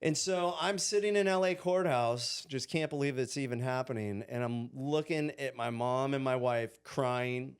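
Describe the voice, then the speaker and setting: A man's voice: mid-range voice, normal speed, few pauses, clean tone. Frank, swearing man. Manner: frank, profane, laughs at his own past. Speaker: podcast guest. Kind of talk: candid conversational storytelling.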